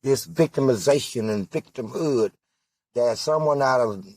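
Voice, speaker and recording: Slow, deliberate male political candidate, husky timbre, hammering rhetorical questions. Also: medium pitch, a little mellow, no room sound. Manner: rhetorical questions, emphatic repetition. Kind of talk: impassioned political monologue.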